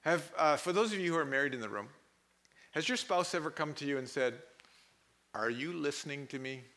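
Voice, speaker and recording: Animated, bright-voiced male pastor preaching. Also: a little high, fast. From Pakistan. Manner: animated storyteller, laughs often, mimics voices. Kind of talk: sermon with personal stories.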